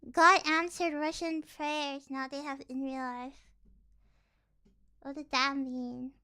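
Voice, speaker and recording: A woman's voice: high voice, little pitch movement, slow pace, pushed and bright. A young woman streaming casually, rambling and giggly, with lots of fillers. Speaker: virtual streamer. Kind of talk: casual livestream chat.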